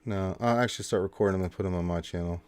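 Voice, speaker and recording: A man's voice: low voice, steady tone, racing, darkish tone, clear, resonant tone. A man hosting a livestream, chatting loosely with lots of fillers and wrapping up the show. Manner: loose, rambling, full of fillers. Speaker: livestream host. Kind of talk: casual stream chat and sign-off.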